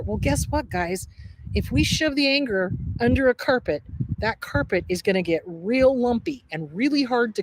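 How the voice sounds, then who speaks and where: A woman's voice: mid-range voice, no room sound, low-quality recording. A middle-aged woman therapist hosting a casual livestream outdoors, talking in a blunt, jokey and emphatic way. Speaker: therapist and show host. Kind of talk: casual livestream advice talk. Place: outdoors at a table.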